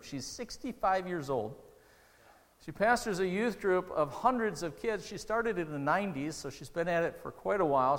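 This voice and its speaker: A man preaches a sermon, earnest and conversational, pushing up into emotional peaks. His voice sits a little high for a man. It rings with the long reverb of a church hall. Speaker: pastor.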